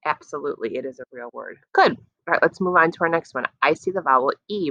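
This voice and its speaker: A woman teacher leading a phonics lesson for young children, stretching words out slowly and praising their answers. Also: deep voice, pushed and bright, no room sound, lo-fi sound. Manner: slow, drawn-out sounding of words, encouraging.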